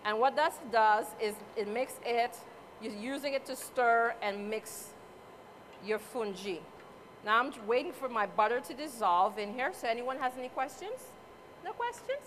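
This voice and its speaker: In an event hall before a live audience, a woman from Saint Croix, US Virgin Islands, runs a chatty cooking demo and trades jokes with the crowd. She has a Crucian Caribbean accent and a fairly bright voice on the high side, with a little hiss or hum present.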